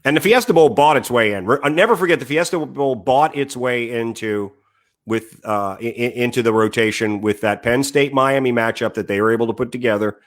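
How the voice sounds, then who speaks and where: A man's voice: mid-range voice, fairly quick. Sports podcast guy, rambly storyteller, lots of uhs, medium voice. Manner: rambling storyteller, many "uh" fillers. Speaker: podcast co-host. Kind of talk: casual sports chat.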